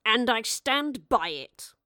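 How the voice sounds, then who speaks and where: A woman's voice: medium pitch, normal speed, no room sound, studio quality, close to an everyday voice. A woman voicing a scornful senior male actor in Tudor times, sneering and grumbling, in a storybook reading.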